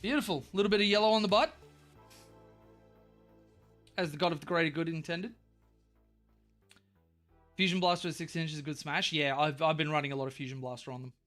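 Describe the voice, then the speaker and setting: Australian streamer, male, higher-pitched, chatty and profane. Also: fairly quick, pauses often, a bit bright, soft background music. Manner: rambling and profane, with bursts of silly wordplay. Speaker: streamer painting miniatures. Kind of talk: casual live-stream chat.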